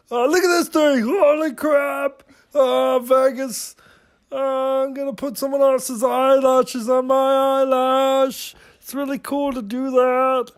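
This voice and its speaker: A goofy, boastful woman beauty vlogger, played by a man in a comic makeup-tutorial voice-over. She drawls at an unhurried pace, gasps at every product she picks up, and swears mildly. She also hums filler syllables while she works. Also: very high voice. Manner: gasping exclamations and mild swearing. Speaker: husband narrating his wife's makeup tutorial.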